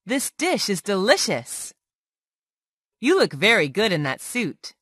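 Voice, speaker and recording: Woman tutor reading drill phrases, slow and clear, pitch moving a lot, dry close sound. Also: huge pitch swings, fairly bright tone, no echo. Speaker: English tutor. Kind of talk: reading practice phrases aloud.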